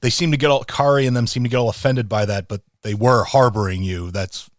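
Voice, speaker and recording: A man's voice: mid-range voice, steady tone, fairly quick, no echo, studio quality. A man co-hosting a casual podcast, talking in a loose, rambling way. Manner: rambling, many fillers and restarts. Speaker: podcast co-host.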